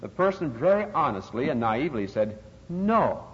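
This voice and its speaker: With an expressive mid-range voice and a moderate pace, an older man preaches an expository sermon, emphasizing key words and rising steeply on scripture quotes. The sound is lo-fi and dull, with a long reverb typical of a hall.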